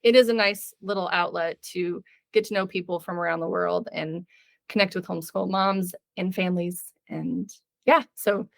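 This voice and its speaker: Chatty homeschool mom, feeling under the weather. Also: female voice, lowish voice, moderate pace, vocal fry, no room sound, studio quality. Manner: animated, laughs often, chatty with fillers. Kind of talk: casual podcast conversation.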